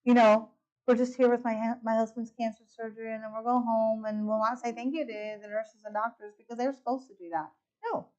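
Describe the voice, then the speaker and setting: A woman's voice: on the high side, fairly quick, lo-fi sound. A middle-aged woman giving a testimony talk at a women's retreat, telling stories and acting out the dialogue. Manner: lively storytelling, acting out dialogue. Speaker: retreat speaker.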